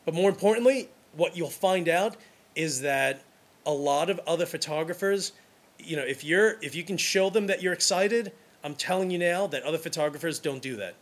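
Speaking at normal speed with a voice on the high side, a Brooklyn, New York wedding photographer gives advice. His talk is casual and enthusiastic, rambling, with frequent restarts.

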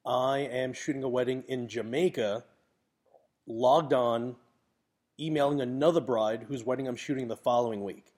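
A man's voice: medium pitch, steady tone, moderate pace, darkish tone. Blunt, chatty man. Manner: blunt, chatty, swears a little. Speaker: wedding photographer. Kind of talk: casual advice monologue.

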